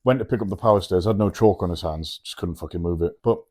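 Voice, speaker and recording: A man's voice: deep voice, mellow. A man co-hosting a sports podcast, chatting casually and teasing his friend with sweary jokes. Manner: teasing, sweary, quick to joke. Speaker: podcast co-host.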